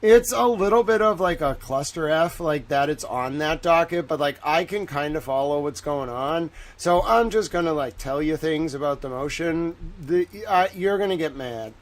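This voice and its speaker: Southern guy doing a chatty livestream, kinda high voice, sarcastic. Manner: chatty, sarcastic, talks to chat by name. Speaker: livestream host. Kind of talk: casual livestream chat.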